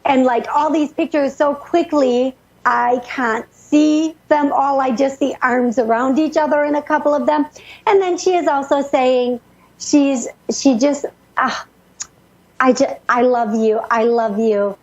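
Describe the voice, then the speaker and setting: A high-voiced woman with a husky, breathy tone channels messages for a caller, hurrying and restarting her sentences as the words tumble out. The sound is dull and lo-fi, like an old radio broadcast. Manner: rushed, breathless relaying with many restarts. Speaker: psychic medium radio host.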